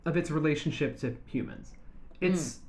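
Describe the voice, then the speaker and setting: This is a podcast co-host in casual chat, walking friends through a topic. The voice sits at a middle pitch, chatty and easily amused, with plenty of fillers. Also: normal speed, a little mellow. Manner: chatty and giggly, with frequent fillers.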